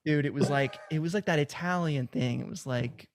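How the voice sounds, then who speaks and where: A man's voice: a little high, normal speed, slight background noise. A young man hosting a comedy podcast, chatting casually and saying dude a lot. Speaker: podcast host.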